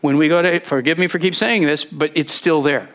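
A man's voice: fairly high pitch, brisk, fairly bright tone. A man preaching a sermon, earnest and rising to fervent scripture readings.

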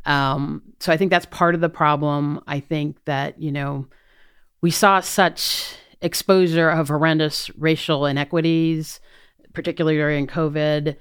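A middle-aged woman, a prosecutor campaigning for district attorney, answers interview questions in a low, resonant, clear voice. Her tone is steady and her pace measured. She speaks earnestly, thinking aloud with plenty of fillers and restarts.

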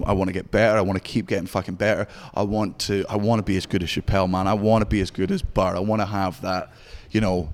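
A man's voice: fairly low pitch, darkish tone, big-room sound. Swearing Scottish comedian in his thirties. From Scotland. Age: 30s. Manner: profane, rapid storytelling. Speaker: stand-up comedian. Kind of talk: candid interview chat.

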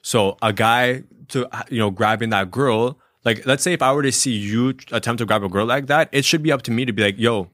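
A man's voice: mid-range voice, fairly quick, few pauses, fairly bright tone, dry recording, clean studio sound. A man co-hosting a podcast, talking in an emphatic, opinionated way and often restarting his sentences. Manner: opinionated, emphatic, repeats words when starting. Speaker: podcast co-host. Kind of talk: casual podcast discussion.

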